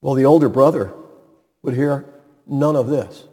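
A man delivers a sermon at an unhurried pace, his voice slightly husky. He tells the story dramatically and builds to emphatic peaks. A long reverb trails each phrase, as in a large hall. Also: mid-range voice, warm tone. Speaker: pastor.

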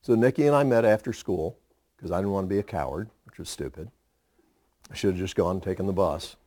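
A man's voice: low voice, fairly quick, no room sound. A male pastor telling stories in a sermon to young people, acting out the voices of the people he quotes. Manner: animated storyteller who acts out quoted voices.

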